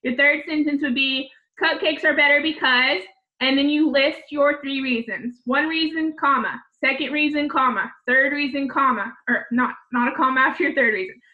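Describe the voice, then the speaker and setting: A woman's voice: high-pitched, steady tone, moderate pace, highs cut off. A woman teacher giving remote class instructions to children, patiently repeating each step.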